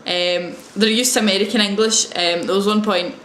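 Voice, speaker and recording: A woman's voice: medium pitch, steady tone, moderate pace, fairly bright tone, a little hiss or hum. A young woman telling a wry story in a casual video diary, hesitating with frequent ums. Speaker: English teaching assistant. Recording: roomy echo.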